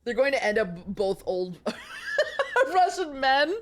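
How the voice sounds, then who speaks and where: A woman's voice: high voice, big pitch swings, slow pace, faint music behind. Giggly young woman streamer. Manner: giggly, self-mocking asides. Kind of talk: reading a romance novel aloud, casual stream chat.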